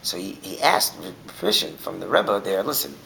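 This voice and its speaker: A man teaching a Torah class, telling stories in an animated way that swings from shouting to a near whisper. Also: deep voice, normal speed, gravelly, slight background noise, rough recording.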